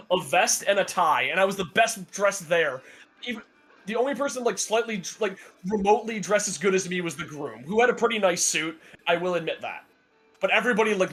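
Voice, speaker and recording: With a high, somewhat bright voice, a young podcast co-host rambles through a lengthy tale, stumbling over fillers and starting over. Sarcasm and frequent laughter mark his relaxed talk.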